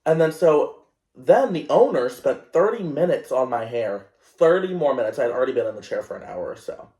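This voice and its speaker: A young male podcast host tells a story casually, sounding animated yet self-conscious and using lots of fillers. His voice is medium-pitched and brisk, and the room is echoey.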